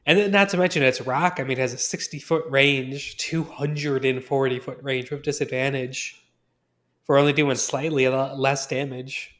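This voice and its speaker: A man co-hosting a casual tabletop gaming talk, reacting with short agreements and adding quick points. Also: medium pitch, steady tone, fairly bright tone. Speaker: podcast co-host.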